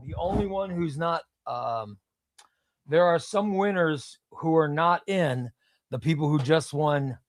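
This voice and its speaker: A man whose voice sits on the high side hosts a relaxed comics livestream in a home room with shelves of comics. He rambles, says words twice and replies to chat, all captured in a dry, clean studio recording.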